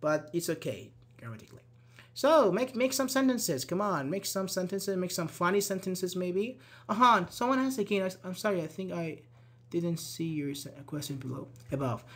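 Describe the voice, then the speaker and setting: A man's voice: sits high, expressive, moderate pace. A man teaching a live online English grammar class. He is patient and encouraging, praises answers and often checks with "okay?".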